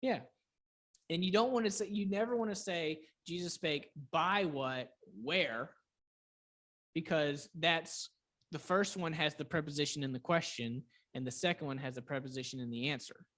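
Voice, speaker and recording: A man coaching quiz teams in a workshop, energetic and quick to restart sentences while firing example questions. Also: on the high side. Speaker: quiz coach leading a clinic.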